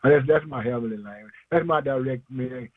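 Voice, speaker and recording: A man's voice: mid-range voice, fairly quick, dry recording, phone-quality sound. A man preaching an informal sermon, emphatic and slangy, asking questions and answering them himself, chuckling often.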